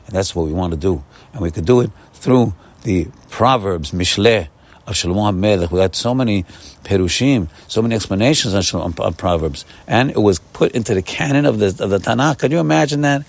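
Male Torah teacher, lower-pitched, informal exhortation with emphatic bursts. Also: a little fast, vocal fry. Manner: warm repetitive exhortation, often saying "my friends"; animated, rising bursts of emphasis. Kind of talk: informal morning Torah talk.

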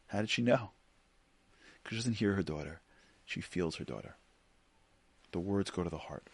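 Middle-aged man, sermon, animated storytelling, lively swooping pitch, lowish voice, dry sound. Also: moderate pace, pauses often, no room sound. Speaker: Jewish teacher.

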